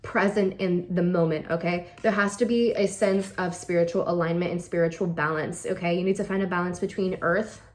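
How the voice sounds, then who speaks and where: A woman's voice: lowish voice, fairly even intonation, a little fast, hardly any pauses. A woman doing a casual weekly tarot reading, talking directly to the listener and coaxing them, often ending lines with "okay?" or "all right?". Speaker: tarot reader.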